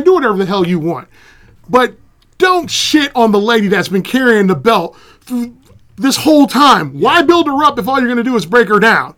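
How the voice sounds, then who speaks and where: A man hosting a podcast, telling a sarcastic, animated comedic rant. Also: sits high. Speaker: podcast host.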